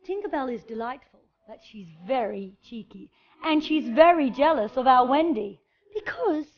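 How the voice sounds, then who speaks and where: A woman presenting a children's show in a fairy character, telling a story in an animated, sing-song way and talking straight to the children. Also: sits high, normal speed, lo-fi sound.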